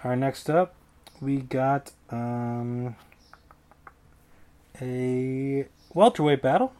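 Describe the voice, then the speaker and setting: A man's voice: mid-range voice, takes it slowly, long pauses, darkish tone. A man hosting a casual solo podcast, rambling through fight predictions in a jokey way and often correcting himself mid-sentence. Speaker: podcast host.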